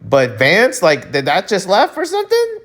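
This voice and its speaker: A man's voice: sits high, wildly swooping pitch, moderate pace, fairly bright tone. A Filipino-American man from the United States ranting animatedly as he hosts a breakdancing news vlog, often restarting sentences and throwing in exclamations. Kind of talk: casual ranting commentary.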